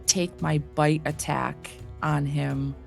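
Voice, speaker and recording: Deep, gravelly-voiced woman player. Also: level tone, soft background music. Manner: slow and hesitant, many fillers. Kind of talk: tabletop game play over voice chat.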